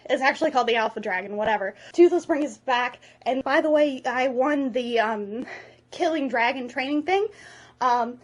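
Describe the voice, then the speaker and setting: A woman's voice: sits high, normal speed. A woman vlogger giving a comedic movie retelling from memory, casual, profane and rambling.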